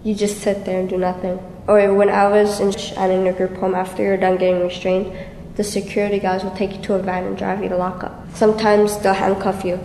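A woman's voice: mid-range voice, flat delivery, a little fast, mellow. A woman being interviewed for a documentary, speaking bluntly and matter-of-factly. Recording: echoey room with faint noise.

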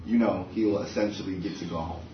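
A man on a meeting panel giving a calm, measured explanation. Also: deep voice. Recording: echoey hall, distant mic, dull sound, faint hiss.

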